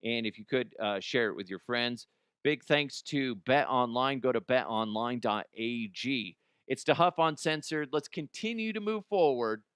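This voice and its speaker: Man, solo sports podcast rant, opinionated, swearing, smooth voice, dry sound. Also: medium pitch, normal speed, fairly bright tone, no room sound. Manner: blunt, opinionated, swears freely; restarts and repeats words. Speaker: podcast host.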